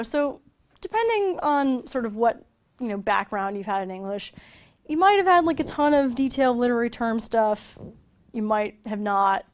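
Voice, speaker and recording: A woman's voice: a little high, highs cut off. A woman giving a casual, chatty video lesson, with frequent fillers and restarts as she explains. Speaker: teacher.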